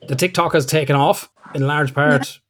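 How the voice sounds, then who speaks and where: A man's voice: a little high, fairly even intonation, normal speed, fairly bright tone. A man hosting a casual podcast, talking bluntly, swearing freely and laughing often. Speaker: podcast host.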